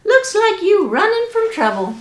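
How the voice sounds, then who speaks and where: A woman's voice: very high-pitched, very animated, moderate pace, slight background noise, voice pushed up. A woman voicing a kindly, helpful male groundhog with folksy reassurance. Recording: echoey room.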